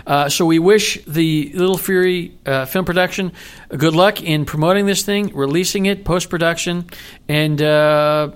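Chatty co-host man, a bit high. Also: moderate pace, clean tone. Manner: playful, puts on mock English accents. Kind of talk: casual chat.

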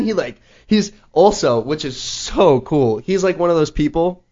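A man's voice: fairly high pitch, measured pace, few pauses. Rambling casual man telling a story. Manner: rambling, heavy use of "like", animated retelling. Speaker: podcast host. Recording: slightly dull lo-fi audio.

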